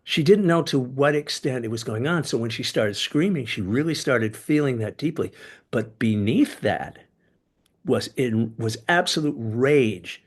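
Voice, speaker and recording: An older man talks as a podcast guest in an easy, conversational way. His voice sits at an ordinary pitch, and as he warms to a story it leaps up and grows louder before settling back down. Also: measured pace, breathy edge. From United States. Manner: animated storyteller, sudden jumps in pitch and loudness. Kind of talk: casual storytelling interview.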